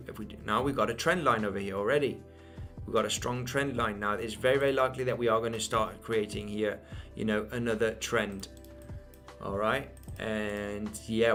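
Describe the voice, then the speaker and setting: A man's voice: lowish voice, a bit bright. Spanish-raised man hosting a crypto livestream. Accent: English, picked up from an Isle of Man mother. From Spain. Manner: repetitive, many fillers and restarts, addresses viewers as guys. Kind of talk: live chart analysis, reading chat.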